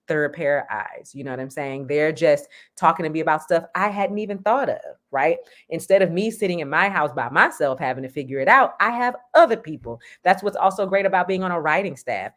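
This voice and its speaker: Low-pitched woman from Texas; teaching interview guest who asks rhetorical questions and laughs easily. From Houston, Texas. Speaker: script consultant, guest. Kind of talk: interview conversation.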